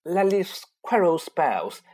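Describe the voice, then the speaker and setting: A man voicing a clever teenage girl wizard, reasoning things out briskly in a husky voice. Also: high-pitched, big pitch swings, a little mellow, voice pushed up, exaggerated voice. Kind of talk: audiobook reading.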